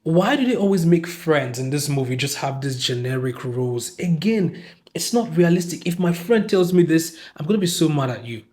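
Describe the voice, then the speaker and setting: A man's voice: fairly high pitch, normal speed. Exasperated Nigerian man ranting animatedly. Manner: animated, exasperated, acts out quoted lines. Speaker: podcast host and film reviewer. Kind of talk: casual spoken film review.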